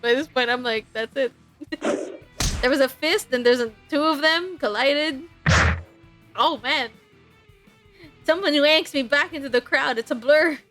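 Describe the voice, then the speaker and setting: A young woman streaming a dating game, reading the narration aloud and reacting with excitement and laughter. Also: high-pitched, unhurried, pauses often, soft background music.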